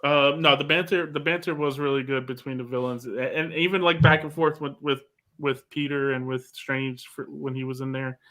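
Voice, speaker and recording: A man as a podcast guest, talking excitedly with frequent restarts. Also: medium pitch, moderate pace. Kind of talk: casual podcast chat.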